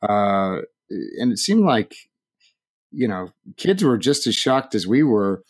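A man hosting a sports talk show, relaxed and quick to laugh. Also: on the low side. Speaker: host. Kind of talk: casual sports chat.

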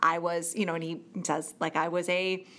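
Woman chatting on a podcast mic, lively, acts out voices as she tells stories. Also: on the low side, moderate pace. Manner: animated storyteller, acts out quoted voices. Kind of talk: casual conversation. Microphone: studio microphone.

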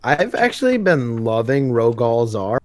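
A man co-hosting a podcast, chatting casually and retelling scenes with lively put-on voices. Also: mid-range voice, unhurried, dry recording, clean studio sound. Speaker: podcast co-host. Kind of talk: casual comic book chat.

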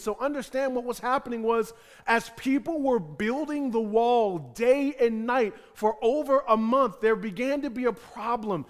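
A man preaching a sermon as pastor, animated, acting out the voices of the people in the text. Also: very high voice, normal speed, in a large hall.

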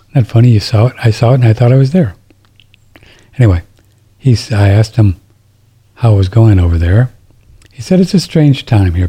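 Middle-aged male radio host, low husky voice, rambling and riled up, restarts a lot. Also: mellow. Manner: rambling, indignant, restarts sentences. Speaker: radio talk show host. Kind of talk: casual talk radio monologue.

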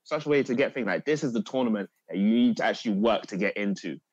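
A man's voice: on the low side, lively intonation, quick pace, a little mellow, dry recording, dull audio. A man in casual podcast chat, laid-back with laughing asides.

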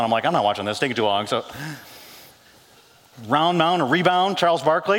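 A man preaching a sermon as pastor, animated and joking, dropping his voice low for quoted lines. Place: church sanctuary. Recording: long hall reverb.

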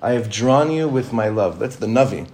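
A rabbi leads an informal class in a middle-pitched male voice. He speaks in a conversational way, circles back over his own phrases for emphasis and often breaks into a chuckle. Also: animated, moderate pace, a little mellow.

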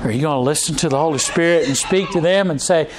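A man preaches a sermon. He talks to the congregation like he is chatting, restarting his sentences often and filling pauses with "uh.". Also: fairly high pitch, background noise. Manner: conversational preaching with frequent restarts and fillers. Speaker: pastor.

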